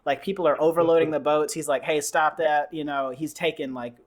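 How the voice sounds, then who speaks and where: A man's voice: on the high side, fairly even intonation, quick pace, darkish tone. A young man hosting a podcast, rambling casually through a movie recap and acting out the characters' lines. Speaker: podcast host. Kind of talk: casual movie review chat.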